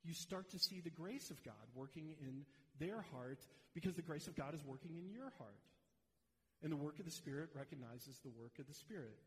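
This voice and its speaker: A man's voice: on the high side, lively intonation, normal speed, darkish tone. A male pastor preaching a sermon, earnest and direct as he speaks to the congregation. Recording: long reverb of a large hall.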